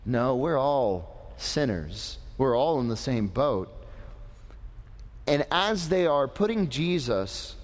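A male preacher teaches young people in a slow, deliberate delivery, his fairly high voice rising and falling widely. He talks in an animated way and quizzes his listeners. The room carries a long reverb. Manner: animated, asks the audience questions. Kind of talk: lively sermon.

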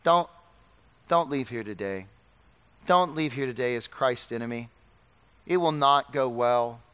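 A man preaching a sermon, swinging from loud urgent pleading to quiet earnest warnings. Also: mid-range voice, measured pace, clean tone, in a large hall.

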